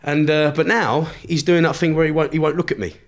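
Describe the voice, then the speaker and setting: A man's voice: fairly high pitch, steady tone, fairly quick. A man, a podcast guest telling a story in casual chat, swearing constantly and laughing as he goes.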